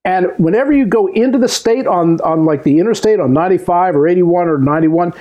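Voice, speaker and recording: A man's voice: high-pitched, brisk, lo-fi sound. A man co-hosting a comedy talk show, joking and hesitating with many ums. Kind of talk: casual comedic banter.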